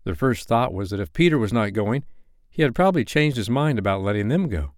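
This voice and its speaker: A man reading a bedtime story aloud as a storyteller, with an expressive, animated delivery. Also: mid-range voice, fairly quick, no room sound, studio quality.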